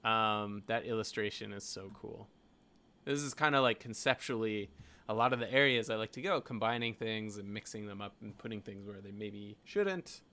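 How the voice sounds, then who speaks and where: A man with a Canadian accent and a sharp, low-side voice rambles at normal speed through his design work. It's a casual screen-share vlog, and he thinks aloud with frequent "like" and "you know."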